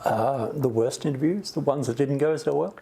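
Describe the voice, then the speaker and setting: An interviewer asks short prompting questions in a warm, mellow voice. The voice sounds distant from the mic. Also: medium pitch, moderate pace, vocal fry.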